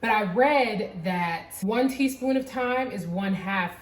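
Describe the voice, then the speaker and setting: A woman's voice: mid-range voice, takes it slowly, reverberant. A young woman vlogging while she cooks at home, rambling candidly with lots of filler words. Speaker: cooking vlogger. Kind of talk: casual chat while cooking. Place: home kitchen.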